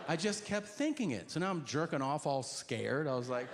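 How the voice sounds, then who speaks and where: A man doing stand-up comedy on stage, telling a story deadpan and acting out the other people's voices. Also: a little high, normal speed. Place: large theater stage with audience. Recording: echoey hall with audience noise. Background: audience laughter.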